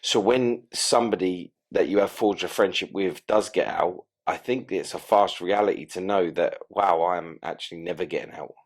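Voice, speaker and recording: A man hosting a podcast interview, asking measured, reflective questions. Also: deep voice. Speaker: podcast host.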